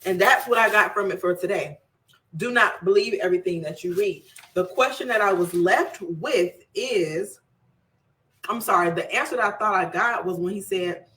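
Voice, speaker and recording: Bright-voiced woman hosting a casual book chat. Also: mid-range voice, rough recording. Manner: chatty and digressive, reads aloud haltingly. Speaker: book club host. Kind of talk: casual book review with scripture reading.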